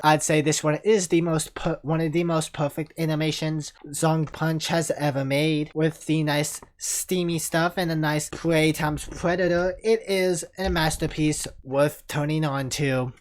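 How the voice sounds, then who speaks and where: A relaxed channel host talking through a ranked list in a loose, casual way. The delivery wanders and keeps returning to "you know" between points, in a medium-pitched voice. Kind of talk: casual ranking commentary.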